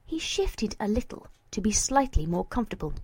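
A woman reading a story aloud as narrator, slow and expressive, at times dropping to a whisper. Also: mid-range voice, breathy edge, no room sound.

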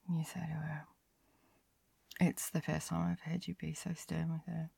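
A woman's whispered role-play, delivered as an intimate first-person narration. Her low voice has a heavy gravelly fry and lots of breath, sighing between lines. The sound is dry and close, with no room around it. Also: flat delivery, warm tone, no room sound. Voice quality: breathy whisper with frequent sighs. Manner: slow, lingering, intimate first-person storytelling.

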